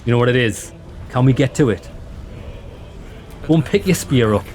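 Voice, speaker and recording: A man giving excited, chatty commentary on a game he is playing, talking to viewers as lads. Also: medium pitch, moderate pace, faint music behind. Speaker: let's play host. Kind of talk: casual gameplay commentary.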